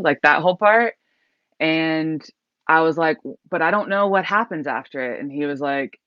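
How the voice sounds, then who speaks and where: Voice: mid-range voice, normal speed, no echo. A singer-songwriter guest telling a story in a casual interview, rambling with many likes and restarts. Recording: dull lo-fi recording.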